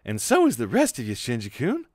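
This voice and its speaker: A man voicing a laid-back adult detective in a read-aloud comic, slow and friendly. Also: mid-range voice, wildly swooping pitch, no room sound, clean studio sound. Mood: teasing.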